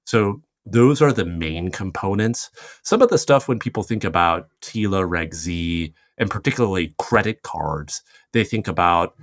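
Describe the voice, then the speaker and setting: A man's voice: sits low, animated, dry recording, studio quality. A man appearing as a podcast guest who explains regulation at length in a casual, talkative way. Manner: explanatory, quick asides, laughs easily. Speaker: podcast guest, fintech commentator.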